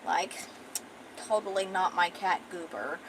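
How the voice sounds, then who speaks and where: A woman's voice: lowish voice, unhurried, slight background noise. A young woman streamer chatting casually and rambling with swearing while she draws. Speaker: art streamer. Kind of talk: casual chat.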